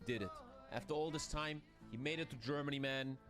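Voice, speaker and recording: A man's voice: mid-range voice, brisk, a bit bright, faint music behind. A man telling a joke in a storytelling way, often adding "right?" and "man".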